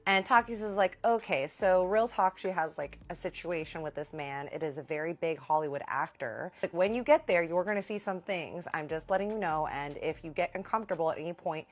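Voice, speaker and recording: Husky-voiced woman telling a dramatic storytime. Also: animated, a little fast, hardly any pauses. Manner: candid and dramatic, acts out quoted dialogue with big pitch jumps. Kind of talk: casual storytime monologue.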